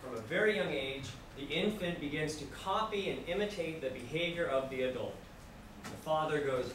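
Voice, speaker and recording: A man lecturing a class. He is animated, asks the students questions, acts out examples, and repeats simple phrases for language learners. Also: medium pitch, moderate pace. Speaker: university lecturer. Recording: distant, very echoey classroom with noise.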